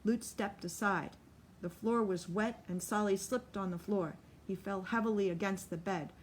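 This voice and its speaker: Woman narrating a novel, steady and measured. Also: medium pitch, slight background noise. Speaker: audiobook narrator.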